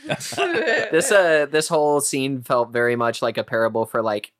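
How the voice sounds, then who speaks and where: A man makes wry, joking comments on a casual podcast. His pitch moves a lot while he speaks. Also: animated, measured pace, fairly bright tone. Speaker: podcast co-host. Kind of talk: casual chat.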